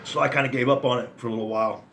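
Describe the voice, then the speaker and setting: A weary man talks to camera with a gravelly edge in a middle-pitched voice. He rambles and swears, and he sounds frustrated and resigned. A faint air-conditioner hum sits underneath. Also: steady tone, racing, a bit bright. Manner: rambling, jumps between thoughts, swears often. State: worn out. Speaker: vlogger addressing male viewers. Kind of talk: casual spoken monologue to camera.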